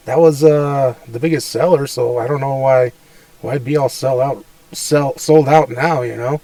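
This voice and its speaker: Halting man heard from the mic's distance. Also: medium pitch, steady tone, warm tone, dry recording. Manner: hesitant, halting, many "uh" and "um". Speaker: podcast co-host. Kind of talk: casual chat.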